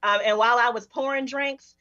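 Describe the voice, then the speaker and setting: A woman's voice: on the high side, steady tone, brisk, pushed and bright, no echo, muffled recording. A woman guest on a podcast, candidly telling a personal recovery story and often laughing as she talks.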